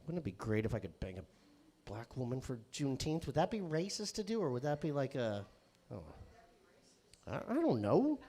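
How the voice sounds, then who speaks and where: A man doing a crude, rambling stand-up set on a comedy club stage, sometimes bursting into shouting. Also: medium pitch, big pitch swings, brisk. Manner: crude, rambling, self-interrupting.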